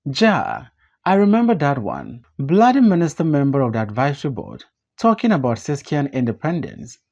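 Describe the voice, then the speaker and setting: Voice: mid-range voice, huge pitch swings, moderate pace, a little mellow, dull audio. A reader doing Buntu, a tipsy outspoken man. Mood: scornful. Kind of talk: audiobook play reading.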